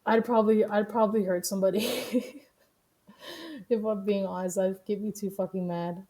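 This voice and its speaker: A woman streamer giving casual, profane commentary on the news, blunt and quick to laugh. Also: medium pitch, steady tone, dark tone.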